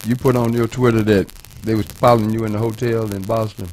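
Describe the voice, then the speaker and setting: A man's voice: lowish voice, level tone, fast talker, a little mellow, rough recording. A man co-hosting a comedy talk show, speaking up earnestly in casual chat. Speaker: co-host.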